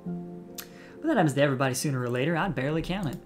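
A man's voice: on the high side, expressive, fast talker, music in the background, lightly acted. A man voicing a chatty young female cryptid-hunting vlogger in a put-on Southern US accent, breezy and rambling. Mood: folksy.

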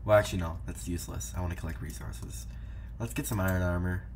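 A man's voice: deep voice, steady tone, fast, slight background noise. A young man giving casual, playful gameplay commentary, teasing the players and talking to his viewers. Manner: playful, teasing, talks to viewers while playing. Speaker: gaming YouTuber.

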